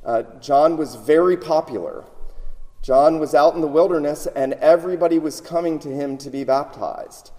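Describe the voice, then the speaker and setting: A man's voice: on the high side, normal speed, mellow. Man preaching in a reverberant hall. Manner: emphatic, repeats words while building points. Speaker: pastor. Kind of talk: sermon.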